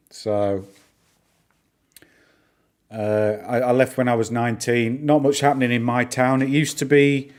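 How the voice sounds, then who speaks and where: Northern English male host, middle-aged, mid-pitched, casual streaming chat, lots of ums. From northern England. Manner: chatty, rambling, answers chat, lots of fillers. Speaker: livestream host.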